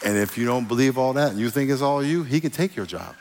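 Pastor preaching in a reverberant hall. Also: male voice, mid-range voice, lively intonation, fast, a little mellow, a faint crowd, a little hiss or hum. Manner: playful, jokes with the congregation, call and response. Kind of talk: sermon.

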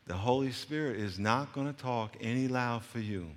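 A man voicing a stern female speech coach, who speaks slowly, softly and deliberately. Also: mid-range voice, close to an everyday voice. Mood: firm, hushed. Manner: slow, hushed, deliberate. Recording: long reverb of a large hall.

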